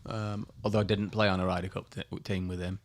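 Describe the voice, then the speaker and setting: A man, a golfer guest telling lively anecdotes on a podcast. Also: deep voice, quick pace. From England. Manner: animated anecdotes, acts out voices. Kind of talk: storytelling interview.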